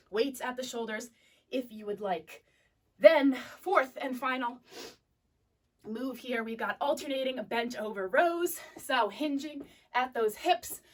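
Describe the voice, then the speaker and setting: Sniffly and catching her breath, a young woman instructor works out while cueing a live class with upbeat coaching. Her voice sits fairly high, and she sounds set back from the microphone in a fitness studio.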